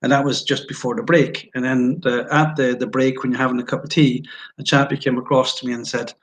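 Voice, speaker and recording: A man's voice: mid-range voice, little pitch movement, fairly quick, low-quality recording. A Scottish man, a guest on an interview show, candidly telling personal stories in a frank, self-deprecating way. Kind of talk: candid storytelling in conversation.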